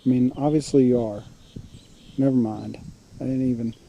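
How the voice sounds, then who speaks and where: A man, rambling in halting bits as he talks to a hurt animal on the road. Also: medium pitch, steady tone, vocal fry, dull audio, a little hiss or hum. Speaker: passerby filming a hurt raccoon. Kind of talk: casual filmed talk.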